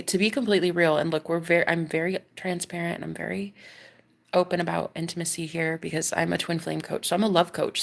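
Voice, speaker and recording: A woman's voice: on the low side, creaky. A woman with a Welsh accent, a love coach talking openly in a rambling confessional monologue, full of restarts and laughs. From Wales.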